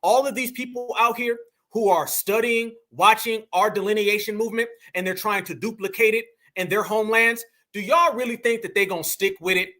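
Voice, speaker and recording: A man's voice: high voice, fairly quick, pushed and bright. A man from the United States with an African American English accent, hosting reaction commentary in a blunt, preachy way and calling his viewers family. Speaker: commentary channel host.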